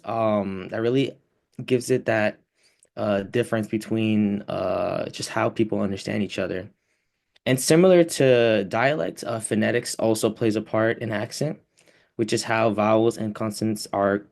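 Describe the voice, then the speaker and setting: A young man explaining a class topic as a student presenter, pausing often with fillers. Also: on the low side, gravelly, a little mellow.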